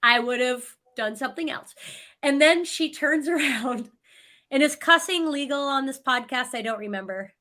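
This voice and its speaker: A woman's voice: high voice, normal speed. A middle-aged woman, a podcast guest, telling a story animatedly in casual conversation. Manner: animated storytelling with frequent laughs.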